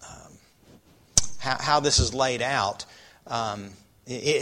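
A man's voice: medium pitch, fairly even intonation, measured pace, pushed and bright. A man preaching a sermon, often putting rhetorical questions to his listeners.

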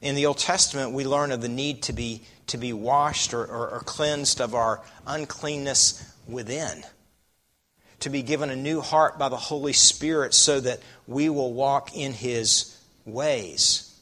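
A man's voice: mid-range voice, steady tone, moderate pace, sharp tone. A man preaching a sermon, often putting rhetorical questions to his listeners.

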